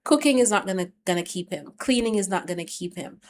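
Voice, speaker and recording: A woman's voice: medium pitch, fast, a little mellow, slight background noise. A woman giving relationship advice in an emphatic, insistent way, repeating her points to drive them home. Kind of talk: advice monologue.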